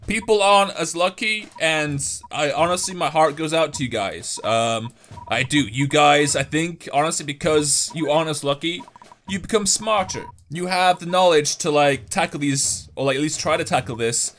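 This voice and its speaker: Excitable young man narrating gameplay. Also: a little high, moderate pace, soft background music. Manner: excitable, swings from mumbling to yelling and laughing at the game. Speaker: gaming YouTuber. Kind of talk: casual gameplay commentary.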